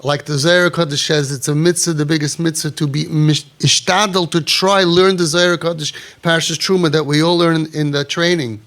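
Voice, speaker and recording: A middle-aged man preaching through stories, his voice sitting a little high. He talks animatedly, acts out short bits of dialogue, then sinks to a low, quiet murmur to land a point. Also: steady tone, fairly quick, few pauses. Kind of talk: storytelling sermon.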